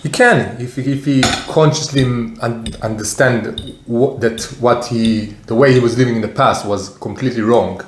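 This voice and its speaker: A man co-hosting an eating vlog, giving firm opinions in casual chat while often pausing and restarting. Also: medium pitch, a little hiss or hum. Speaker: co-host, husband. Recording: roomy echo.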